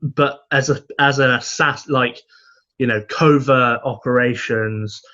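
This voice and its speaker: A young man co-hosting a podcast, talking in a laid-back, halting way with dry humor. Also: mid-range voice, steady tone, bright, forceful tone. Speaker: podcast co-host. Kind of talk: casual chat. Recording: slightly dull, muffled sound.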